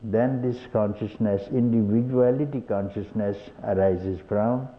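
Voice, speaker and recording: A man's voice: lowish voice, measured pace. An older man with an Indian accent giving a satsang talk as a spiritual teacher, chuckling often and asking rhetorical questions, on a tinny old tape with faint hiss. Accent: Indian English.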